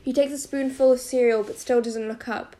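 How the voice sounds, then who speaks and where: A woman narrating a first-person novel as an audiobook, in a steady storytelling manner. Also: on the high side, fairly quick.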